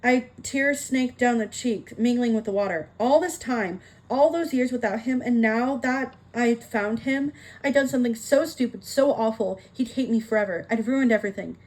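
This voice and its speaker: Woman audiobook reader, slightly high voice, expressive narration. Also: normal speed, poor audio.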